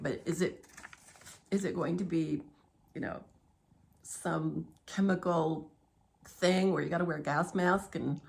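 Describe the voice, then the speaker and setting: A woman's voice: lowish voice, vocal fry. A middle-aged woman vlogging at home in a rambling, digressive monologue, laughing often as she talks.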